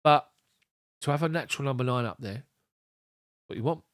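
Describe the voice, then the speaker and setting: A man's voice: mid-range voice, fairly quick, a bit bright, dry recording, studio quality. A man giving casual live football commentary from a fan's point of view, chatting to his viewers and reading out their messages. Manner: chatty, rambling, addresses viewers by name.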